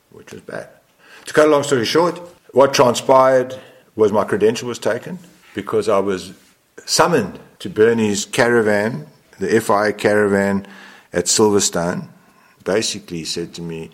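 A man in his sixties, a photographer guest in an interview, telling a long story in a rambling way, often correcting himself. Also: medium pitch. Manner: rambling, self-correcting, animated.

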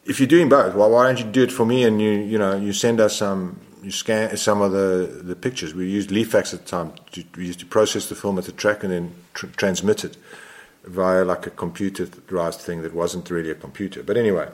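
A man in his sixties with a lowish voice tells a long anecdote. He rambles and keeps correcting himself, animated and quick in spurts. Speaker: motorsport photographer guest. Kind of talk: interview storytelling.

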